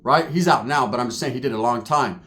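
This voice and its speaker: A man's voice: medium pitch, fast talker, bright, forceful tone. A young man telling a profane story in street slang and acting out the people he quotes. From California. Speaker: commentary vlogger. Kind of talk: storytelling rant.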